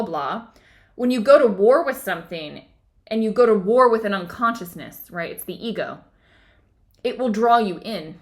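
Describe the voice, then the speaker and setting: A woman with a medium-pitched voice hosts a book club discussion conversationally, reading passages aloud and frequently checking in with her listeners.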